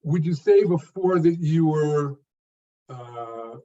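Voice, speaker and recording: A man's voice: fairly high pitch, animated, slow pace, warm tone. A man hosting an interview, asking his guest questions in a friendly way. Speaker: interview host. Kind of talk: interview conversation. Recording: dull lo-fi sound.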